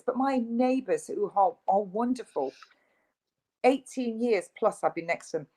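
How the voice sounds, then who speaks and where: A woman's voice: mid-range voice, animated, a little slow, warm tone, poor audio. A woman, a guest in an interview, speaking in an emphatic, insistent, ranting way. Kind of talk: video interview.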